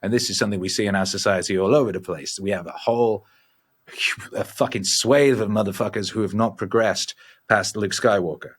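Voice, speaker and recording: Brief: middle-aged man, lowish voice, profane and animated storyteller. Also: a little fast, breathy edge. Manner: swears freely, animated and rambling. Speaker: podcast guest. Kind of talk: casual storytelling.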